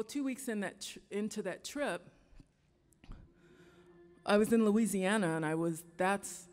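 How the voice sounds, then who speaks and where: A woman musician telling a story on stage to an audience in an earnest, reflective, halting way. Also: on the low side, darkish tone. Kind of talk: live storytelling talk. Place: stage in a large hall before an audience. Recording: long hall reverb, live venue.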